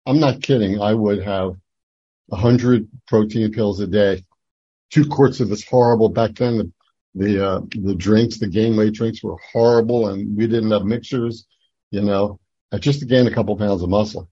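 Older guy sharing his recovery story, halting, lots of ums, husky dull sound. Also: on the low side, steady tone, warm tone, no echo. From Atlantic City, New Jersey. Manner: halting, rambling storytelling with many fillers and restarts. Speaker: recovery meeting speaker. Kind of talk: personal testimony talk.

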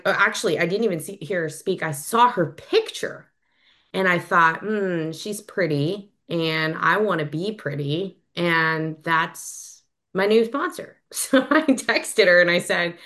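A woman in her thirties giving a personal share at a recovery meeting, candid and halting, with many fillers and restarts. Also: lowish voice, a bit bright. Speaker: member sharing at a recovery meeting.

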